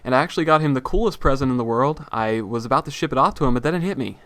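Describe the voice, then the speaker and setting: A man's voice: medium pitch, expressive, racing, few pauses, a bit bright, dry recording. A young man answering viewer questions in a casual gaming vlog, breezy and joking. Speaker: gaming YouTuber.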